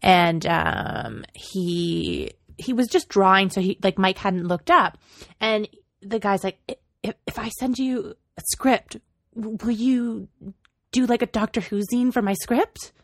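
A woman's voice: medium pitch, measured pace, no echo, studio quality. A woman co-hosting a podcast, telling a story in a chatty way full of fillers. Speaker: podcast co-host. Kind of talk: casual podcast chat.

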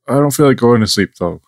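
A man's voice: mid-range voice, no room sound. A man co-hosting a podcast in casual chat, making dry, wry, sleepy quips. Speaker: podcast co-host.

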